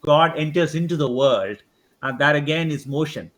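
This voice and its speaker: A man with a fairly high voice explains a theological point in a reflective way. He speaks as a panelist on a video-call webinar. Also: normal speed, fairly bright tone.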